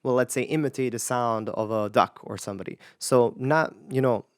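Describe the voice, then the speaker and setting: A woman vocal coach chats through her reactions, trying each tip herself and hedging as she goes. Her voice is smooth and resonant, recorded close and dry with no room sound. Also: rumbling low, normal speed, darkish tone, no echo. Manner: thinking aloud, hedging. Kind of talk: casual commentary with sung demonstrations.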